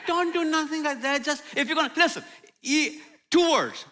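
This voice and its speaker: An older man preaching a sermon as a guest speaker, humorous and animated, acting out prayers and apologies in a church. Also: extremely high pitch, moderate pace, a little hiss or hum. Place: church sanctuary.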